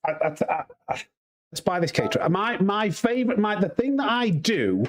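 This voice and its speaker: This man speaks at a moderate pace in a high-pitched voice full of big swings in pitch. He's a sim racing streamer from Yorkshire, going off on chatty tangents to his live chat as he plays and breaking into laughter readily.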